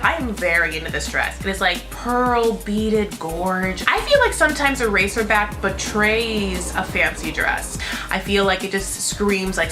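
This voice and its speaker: A woman's voice: medium pitch, poor audio. A woman hosting a casual reality-TV recap, chatty and profane, packed with "like". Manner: chatty, profane, constant filler "like". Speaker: host.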